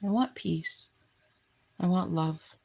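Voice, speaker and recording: A woman talking in a heartfelt, rambling vlog, full of halting restarts. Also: lowish voice, gravelly, warm tone. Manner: earnest and effusive. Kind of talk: emotional personal vlog.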